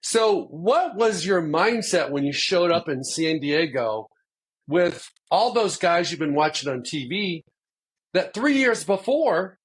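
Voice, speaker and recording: A man's voice: fairly high pitch, animated, slow, breathy edge. A man hosting a podcast interview, asking eager, rambling questions. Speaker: podcast host, sports agent.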